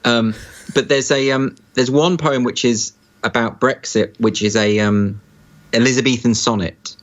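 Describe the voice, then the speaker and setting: A man talking casually as a guest, halting often with fillers and restarts as he explains an idea. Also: mid-range voice, steady tone. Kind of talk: casual conversation. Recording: dull lo-fi sound.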